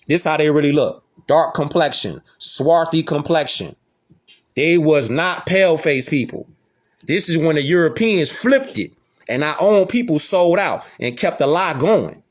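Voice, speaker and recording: A man hosting a casual lecture, talking emphatically in slangy street talk and repeating rhetorical questions. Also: a little high. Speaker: host. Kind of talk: casual lecture showing images.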